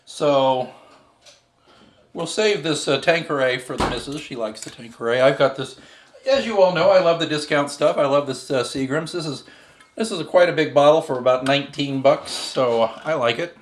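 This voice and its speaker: A man's voice: on the high side, normal speed. A man hosting a casual home cocktail show, chatting and joking as he mixes drinks at his bar. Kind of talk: casual chat while mixing drinks.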